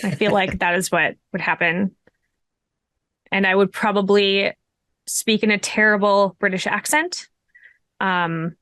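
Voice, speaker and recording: A woman's voice: mid-range voice, steady tone, moderate pace, fairly bright tone, no room sound. A bubbly woman hosting a tabletop game stream, chatting casually and laughing easily. Her voice sits at a middle height and sounds close and dry, with little room around it. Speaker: game master and host.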